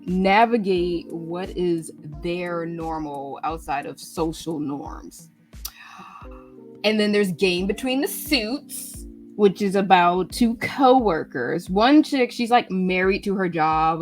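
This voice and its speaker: A woman with a fairly low voice chats casually on a live radio stream. Her delivery is animated, with sudden jumps into acted lines. Faint music plays underneath. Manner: animated, acts out characters' lines in quick bursts. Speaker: radio show host. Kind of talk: casual chat recapping manga.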